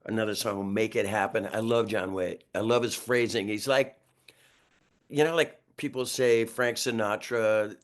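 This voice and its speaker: A man in his sixties from New York, a guest musician telling road stories in a lively, rambling way with frequent chuckles and restarted sentences. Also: on the low side, normal speed. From New York, USA. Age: 60s. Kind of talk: casual storytelling interview.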